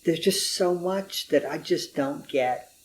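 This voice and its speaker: An American man in his sixties with a wry, drawn-out storytelling manner, chatting casually as an interview guest in an apartment. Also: a little high, a little hiss or hum. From United States. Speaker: guest, humor writer. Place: apartment room.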